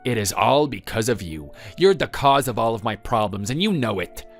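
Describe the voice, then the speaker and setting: A man's voice: mid-range voice, very animated, moderate pace, soft background music. A man voicing a bitter, self-pitying grown son. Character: resentful grown son blaming his mother for his failures. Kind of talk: texting-story voice-over.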